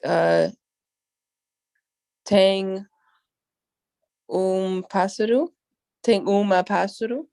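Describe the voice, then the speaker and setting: Slow, tentative woman language student. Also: mid-range voice, gravelly, mellow. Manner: hesitant, tentative, repeats after correction.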